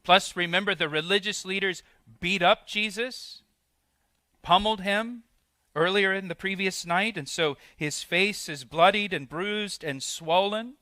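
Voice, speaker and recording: Male pastor, expository sermon; bright, forceful voice, slightly high, dry close sound. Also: measured pace, no room sound.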